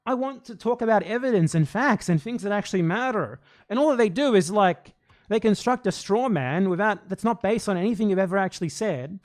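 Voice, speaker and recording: Man, high-pitched, exasperated, argumentative, reaction commentary. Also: animated, a little fast. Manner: exasperated, argumentative, swears often. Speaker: commentary channel host.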